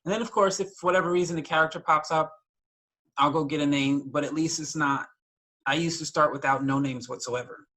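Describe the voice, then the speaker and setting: A man's voice: fairly high pitch, steady tone, a little fast, sharp tone, rough recording. A man talking candidly as a writer guest in a casual interview, rambling a little with restarts.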